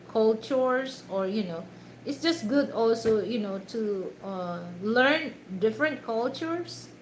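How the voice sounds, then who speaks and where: Slow, chatty Filipino woman in an echoey room. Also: fairly high pitch, a little hiss or hum. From Philippines. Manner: rambling, many fillers and restarts. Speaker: livestream host. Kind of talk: casual livestream chat.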